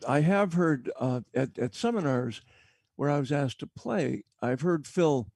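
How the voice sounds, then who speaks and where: Gravelly halting male talk show host. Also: a little high, expressive, a little mellow, no room sound. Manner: halting, repeats and restarts words. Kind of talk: casual talk show chat.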